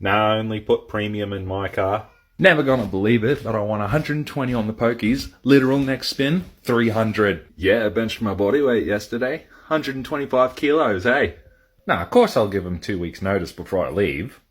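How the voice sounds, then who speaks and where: A young Australian man delivering deadpan comedy sketches in a matter-of-fact way. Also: fairly low pitch, moderate pace.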